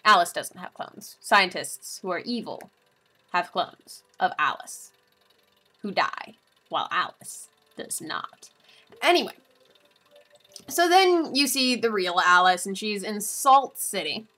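Woman, vlogger, bright tense tone, rambling asides, casual recap. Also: mid-range voice, very animated, slow pace. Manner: rambling, giggly, jumps between asides.

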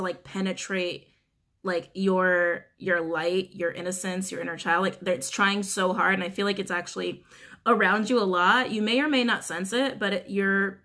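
A woman giving a casual, animated tarot reading to camera, often breaking into giggles and swearing freely. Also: medium pitch. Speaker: tarot reader.

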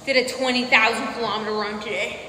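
A woman's voice: on the high side, fairly even intonation, quick pace, bright, forceful tone. A woman in her twenties chatting casually on a live stream while exercising indoors, playful and sing-songy, drifting into humming and mock Spanish. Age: 20s. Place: indoor home room with treadmill. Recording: echoey room, slight hall tail, faint noise.

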